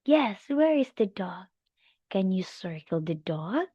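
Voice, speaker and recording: A woman teaching English to a young child in a demo lesson, slow, animated and encouraging, with animal sounds. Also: medium pitch, no room sound, highs cut off.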